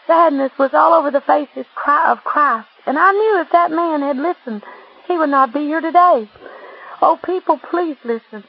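High, gravelly woman narrating a religious testimony. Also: normal speed. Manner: earnest, imploring reading. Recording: dull lo-fi recording.

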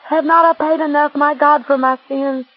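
A woman's voice: sits high, fairly even intonation, moderate pace, natural voice. A woman voicing a damned man in hell who confesses his sins and pleads with the Lord, read in a pleading, confessional way. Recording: dull lo-fi recording.

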